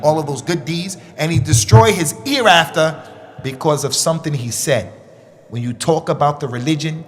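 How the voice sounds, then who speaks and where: A man teaching a religious workshop for young people, animated and repeating phrases for emphasis, with Arabic recitation mixed in. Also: fairly high pitch. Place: mosque.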